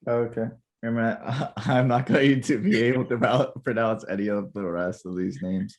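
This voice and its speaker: A man's voice: medium pitch, steady tone, moderate pace, a little mellow. A man hosting a podcast over a video call, chatting casually and rambling, often stumbling and restarting his words. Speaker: podcast host. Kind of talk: casual chat.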